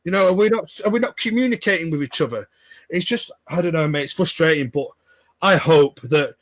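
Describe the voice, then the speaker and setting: High-voiced ranting man. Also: brisk. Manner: ranting, frustrated, sweary. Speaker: fan pundit. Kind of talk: casual discussion.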